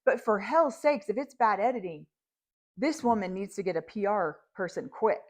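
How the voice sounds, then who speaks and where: Indignant, animated woman co-host. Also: mid-range voice, normal speed. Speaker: podcast co-host. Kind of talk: reaction commentary on a reality show.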